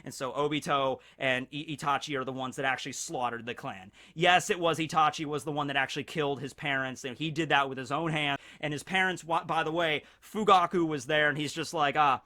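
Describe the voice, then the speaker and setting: Bright-voiced excitable male anime commentator. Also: a little high, a little fast, few pauses. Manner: excitable, rambling, many fillers. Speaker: anime channel host. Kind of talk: casual anime discussion.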